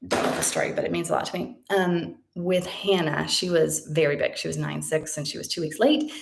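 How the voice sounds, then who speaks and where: A woman in her thirties tells a personal story in a chatty, emotional way, slipping into little acted quotes. Her voice sits fairly low with a gravelly fry. The room gives it a noticeable echo. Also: lively intonation, brisk. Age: 30s. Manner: chatty, emotional, many fillers, acts out quotes. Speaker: vlogger.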